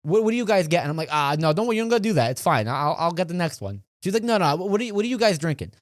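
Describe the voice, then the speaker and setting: A young man co-hosts a chat podcast, his voice a touch higher than most and swinging widely as he acts out the people in his story. The sound is close and dry, with no room around it. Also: very fast, no echo. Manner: animated, acts out quoted voices. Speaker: podcast co-host.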